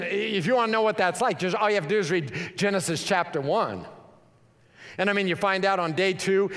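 A man's voice: high voice, a bit bright. A man from Colorado preaching a sermon, mixing casual storytelling with emphatic preaching. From Colorado, USA. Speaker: pastor. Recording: long hall reverb.

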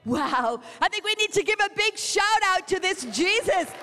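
A woman's voice: very high voice, animated, normal speed, sharp tone, big-room sound. A woman preaching a sermon, telling stories dramatically and acting out what others said. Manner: dramatic storytelling, acting out quotes.

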